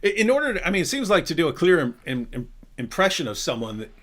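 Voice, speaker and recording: Animated man chatting on a livestream. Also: fairly high pitch, fast. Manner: animated, rambling, self-interrupting. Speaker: live Q&A host. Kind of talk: casual livestream chat.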